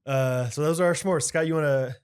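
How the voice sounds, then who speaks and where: A man's voice: on the high side, brisk, clean tone. A man co-hosting a podcast, chatting casually and rambling with plenty of "like" and fillers. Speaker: podcast co-host. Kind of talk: casual chat.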